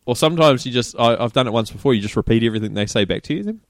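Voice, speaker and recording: A man's voice: mid-range voice, expressive, racing, no echo, clean studio sound. A New Zealand man co-hosting a podcast in laid-back casual chat, laughing and acting out quotes. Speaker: podcast co-host.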